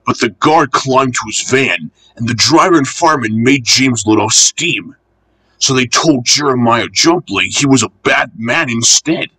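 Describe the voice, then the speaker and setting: Storybook narrator, man, bright and slightly husky, with a lively, animated delivery. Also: medium pitch, unhurried, rough recording. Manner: expressive, lively reading.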